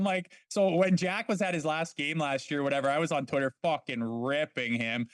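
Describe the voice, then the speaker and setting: Middle-aged man, former hockey player, casual blunt storyteller, somewhat high voice, dry close sound. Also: steady tone, moderate pace, few pauses, smooth, dry recording. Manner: blunt, swears freely, quotes people in his stories.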